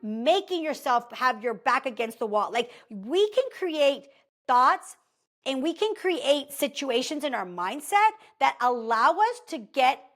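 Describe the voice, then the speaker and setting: A woman with a slightly high voice talks to her listeners in a casual, motivational way. She keeps the story going with lots of "like" and "okay?", chatty and animated throughout. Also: measured pace. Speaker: podcast host.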